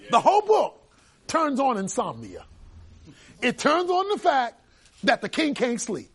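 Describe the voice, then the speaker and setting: A male pastor preaching a sermon, telling stories animatedly, with bursts of shouting. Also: very high voice, wildly swooping pitch, a little slow, pauses often, slightly rough.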